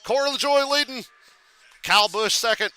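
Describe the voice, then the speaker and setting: A man chatting casually during a live reaction stream, swearing freely while telling animated backstage stories and calling a race. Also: very high voice, moderate pace, clear, resonant tone, soft background music. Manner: profane animated storytelling. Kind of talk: casual chat with friend.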